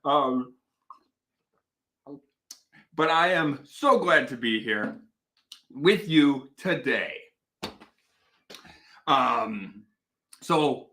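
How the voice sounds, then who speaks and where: A man's voice: mid-range voice, animated, extremely slow, long pauses, sharp tone. A man hosting a casual live stream, playful and rambling, telling stories in a mock-serious way. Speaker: host.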